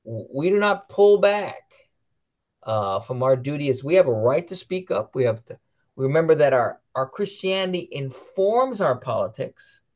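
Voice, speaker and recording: Animated man telling family stories. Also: a little high, moderate pace. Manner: storytelling, acts out quoted voices; reads catechism passages aloud. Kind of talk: casual religious chat.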